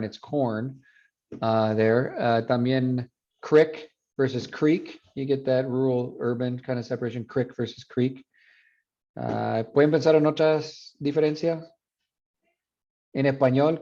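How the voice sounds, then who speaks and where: A man's voice: medium pitch, dark tone, muffled recording. A man in his thirties teaching a university class, switching between Spanish and English with frequent restarts. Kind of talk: classroom lecture.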